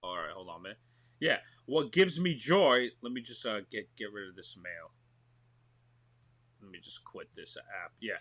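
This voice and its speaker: A man, an actor talking excitedly in a remote interview, full of "you know what I mean". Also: on the low side, normal speed. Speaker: actor and show host, guest. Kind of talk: animated conversational interview.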